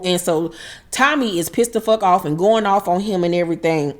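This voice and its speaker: A woman hosting a casual TV recap, retelling scenes with lively, profane acted-out lines. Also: fairly low pitch, fairly quick. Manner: animated retelling, acting out the characters' lines with profanity. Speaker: TV recap channel host. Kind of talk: casual episode recap chat.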